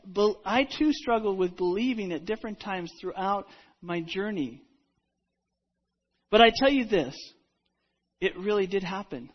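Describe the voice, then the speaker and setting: A woman retelling a Bible story in the first person as a disciple, halting and repeating herself, dropping to a hush and then rising loud. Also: mid-range voice, animated, slightly rough. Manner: halting, with repeated words and restarts; dramatic swings between hushed and loud. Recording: dull lo-fi recording.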